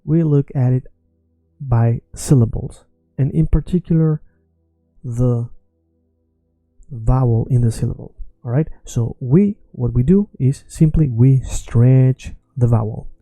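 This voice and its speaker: A man's voice: mid-range voice, slow pace, no echo, soft background music. A man who is not a native English speaker, confidently explaining a language lesson online. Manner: confident, self-assured, animated explanations. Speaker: language teacher.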